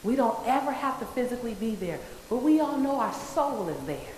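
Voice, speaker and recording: A woman's voice: a little high, animated, a little fast, darkish tone, a little hiss or hum. A woman giving a motivational speech to an audience, emphatic and repeating her key phrases for effect. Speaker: motivational speaker. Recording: echoey hall with long reverb.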